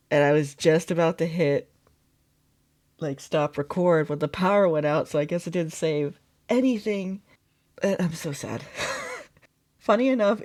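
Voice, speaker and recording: A woman vlogging in a casual, chatty way, expressive and quick to laugh, sounding upset and close to tears. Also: lowish voice. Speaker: beadwork vlogger. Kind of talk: casual vlog chat.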